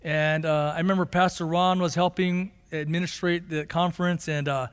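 A male pastor delivering an impassioned sermon, swinging from forceful, emphatic passages to low, slow, quiet stretches. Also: little pitch movement, smooth. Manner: impassioned preaching, rising to shouts then dropping low and slow. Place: church sanctuary. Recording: long hall reverb of a sanctuary.

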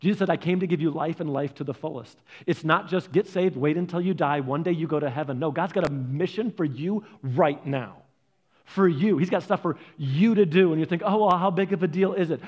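A man preaching a sermon, telling stories earnestly, swinging from loud stresses to soft, hushed lines. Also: fairly high pitch, a little fast, muffled recording. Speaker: pastor.

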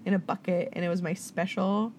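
Young woman, podcast co-host, giggly and animated, faint background hiss. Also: on the low side, a little fast. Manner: giggly, animated, does playful voices. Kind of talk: casual chat.

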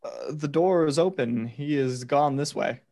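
A man's voice: on the high side, measured pace, dark tone. A man reading the part of a loyal nobleman who attends the king, speaking plainly and with deference. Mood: deferential. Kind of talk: play reading.

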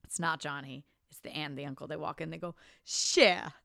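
Woman, casual movie recap, acts out lines, swears a lot, slightly low pitch. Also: brisk, gravelly, dry recording. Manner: animated, acts out characters' lines, swears freely.

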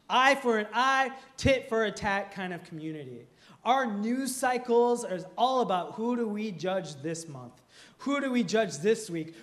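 Telling funny stories and laughing through them, a young man from Minnesota preaches a sermon as a pastor. He has a high-pitched, fairly bright voice.

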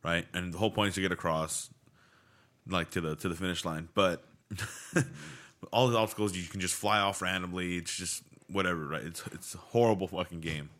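A man's voice: deep voice, a little fast, a bit bright. A young man co-hosting a casual podcast, laid-back, calling people "man" and "dude". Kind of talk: casual chat.

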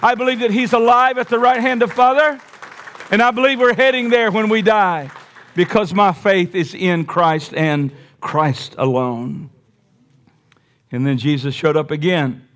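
Male pastor preaching emphatically, high voice, rhetorical questions throughout. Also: fairly even intonation, unhurried, fairly bright tone. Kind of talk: sermon.

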